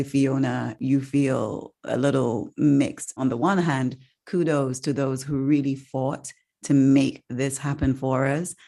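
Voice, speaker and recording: A woman hosting a casual podcast, chatty and expressive, laughing often between points. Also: a bass voice. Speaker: podcast host.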